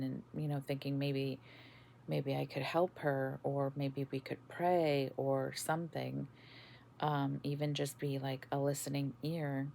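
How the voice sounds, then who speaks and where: Woman podcast host, low gravelly voice, unhurried, halting testimony. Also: level tone, dark tone, slight background noise. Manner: slow, halting, many fillers and restarts. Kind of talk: casual spoken testimony.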